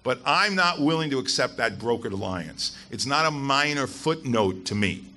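Male guest speaker at a live event: bright, punchy voice, blunt and emphatic, swears freely. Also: mid-range voice, expressive, normal speed. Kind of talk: live public talk to an audience. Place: event hall with a live audience.

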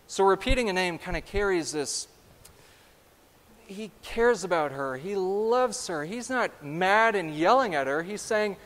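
Guy pastor preaching, kinda high voice, lots of church reverb. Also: normal speed. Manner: animated, asks the congregation direct questions. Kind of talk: sermon. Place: church sanctuary.

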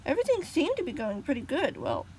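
A woman's voice: high voice, huge pitch swings, quick pace, darkish tone, a little hiss or hum, rough recording. Woman casually reading a story aloud. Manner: casual, with slips and restarts.

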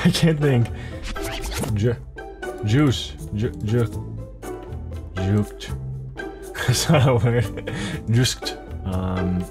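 A man with a fairly low voice thinks aloud through a word puzzle, trailing off into half-words and stray guesses and laughing often at himself. Music runs clearly underneath him the whole time. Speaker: gaming YouTuber. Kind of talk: thinking aloud while playing a word game.

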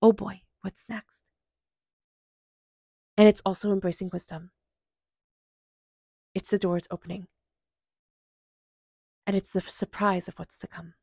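A woman's voice: on the low side, level tone, unhurried, gravelly, long pauses, a little mellow, breathy edge, dry recording, clean studio sound. A woman giving an intuitive tarot reading, earnest and emphatic, with soothing repeated affirmations. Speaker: tarot reader.

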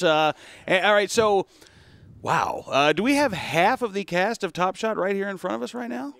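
A man with a slightly high voice hosts a radio talk show live from a convention booth. He is chatty and self-deprecating, and he fumbles guests' names with good humor. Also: lively intonation, fairly quick.

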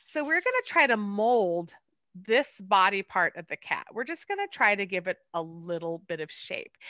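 Bright-voiced woman teaching clay art. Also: medium pitch, dry recording. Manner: chatty, laughs at herself, many ums. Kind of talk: hands-on art lesson.

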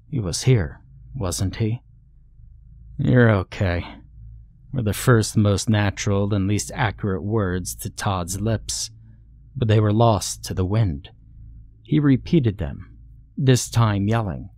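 Man, horror story narrator, measured delivery, unhurried, faint background music. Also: fairly low pitch, darkish tone.

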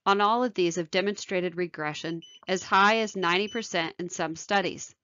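A lower-pitched woman surgeon narrates a medical lecture in a measured, technical tone. Her voice is close and dry, with a dull, lo-fi sound. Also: fairly bright tone, dry recording. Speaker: thoracic surgeon.

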